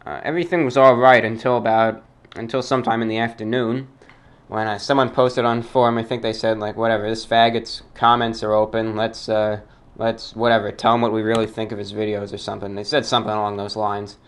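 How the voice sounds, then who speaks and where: A man from the New York area with a British-New York blend accent, hosting a talk show and reading fan mail in a formal, measured, dry way. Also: on the low side, flat delivery, smooth.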